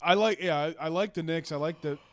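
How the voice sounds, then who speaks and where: Male podcast co-host, slightly high voice, easygoing, cracks jokes. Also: a little fast. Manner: joking, easygoing, repeats himself. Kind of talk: casual chat.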